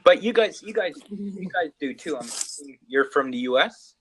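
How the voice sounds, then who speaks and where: Casting: Canadian man, slightly higher voice, animated pitch, hesitant chatty delivery over a video call. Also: normal speed, slight background noise, poor audio. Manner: chatty, hesitant, many fillers and restarts. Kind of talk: casual video chat.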